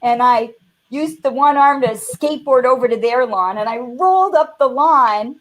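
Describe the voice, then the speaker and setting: A woman's voice: sits high, moderate pace. A woman, a motivational speaker telling a childhood story in a webinar conversation and acting out the voices in it. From Canada. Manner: animated, acts out voices in her stories.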